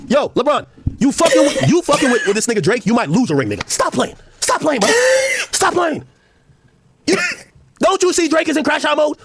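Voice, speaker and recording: Loud high-pitched man ranting. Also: fast, noisy background. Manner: loud, animated, often shouting and laughing; profane and mocking. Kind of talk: heated reaction rant.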